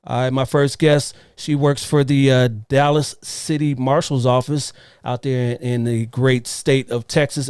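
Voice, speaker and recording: Male live-show host on a video call, mid-pitched, chatty, repeats himself. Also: little pitch movement, a little slow, few pauses, a little mellow, smooth, no echo, studio quality. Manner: upbeat, repeats phrases, loose filler. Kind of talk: live online interview show.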